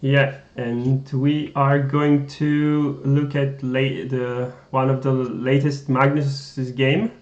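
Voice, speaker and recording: A man's voice: medium pitch, flat delivery, slow pace, few pauses, darkish tone. A man from France with a French accent, co-hosting a chess live stream in English, with frequent laughs and a playful, teasing manner. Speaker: chess coach and co-host. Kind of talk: casual live-stream chat. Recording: roomy, dull lo-fi stream audio.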